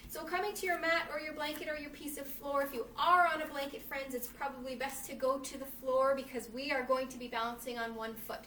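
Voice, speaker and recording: A woman's voice: high-pitched, fairly even intonation, a little fast, hardly any pauses, slight background noise. A young woman teaching children's yoga and reading a storybook aloud, cheering the children on as friends. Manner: encouraging, addresses kids as friends, acts out the story's shouts. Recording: echoey room from some distance.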